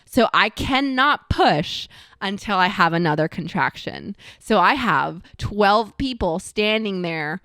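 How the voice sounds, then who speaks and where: A woman's voice: mid-range voice, animated, takes it slowly, sharp tone, dry recording, studio quality. A young woman co-hosting a podcast, telling a story in a casual chat and acting out the quotes with shrieks. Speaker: podcast co-host.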